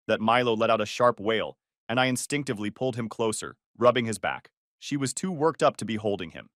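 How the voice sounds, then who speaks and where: Brief: male narrator, tense confessional story read, animated intonation. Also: mid-range voice, brisk, no echo, studio quality. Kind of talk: first-person story narration.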